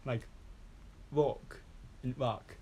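A man whose first language is Japanese, chatting in English with a slightly husky voice, stammering and apologizing often. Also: medium pitch, fairly even intonation, extremely slow, dark tone. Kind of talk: casual chat.

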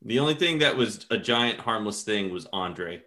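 A man's voice: on the low side, animated, normal speed, bright, forceful tone. A man co-hosting a casual podcast, joking and teasing the others as he steers the talk. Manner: joking, teasing, leads topics. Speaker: podcast co-host. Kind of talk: casual chat.

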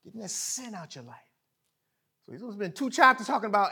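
A man preaching a sermon in an emphatic, conversational way, swinging from loud to quiet. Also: high voice, very animated, brisk, vocal fry, husky. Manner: conversational, illustrates with sports stories.

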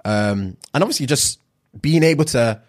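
A young man, chatting casually in a halting, slangy way. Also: mid-range voice, animated. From England. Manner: halting, slangy, many fillers. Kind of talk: casual podcast chat.

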